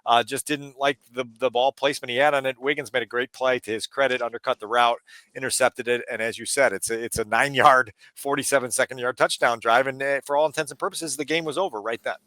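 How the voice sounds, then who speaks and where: Fast-talking bright-voiced sports analyst. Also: male voice, medium pitch, no room sound. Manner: quick, energetic analysis with vivid detail. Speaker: sportswriter and podcast co-host. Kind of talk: postgame sports talk.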